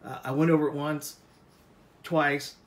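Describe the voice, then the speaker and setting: A man's voice: fairly high pitch, flat delivery, a little slow, echoey room. A man from Colorado giving a casual oil painting lesson, rambling and self-deprecating, with many fillers. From Colorado, USA.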